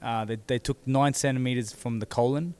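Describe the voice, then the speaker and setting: A man, seated as an interview guest, telling his own story in a halting way that repeats words as he goes. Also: medium pitch, fairly even intonation, darkish tone, smooth. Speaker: interview guest, former boxing champion. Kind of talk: candid personal storytelling.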